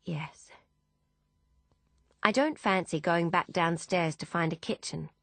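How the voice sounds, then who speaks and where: A woman reading a first-person audiobook in a measured, even storytelling manner. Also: fairly low pitch, no room sound. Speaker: audiobook narrator.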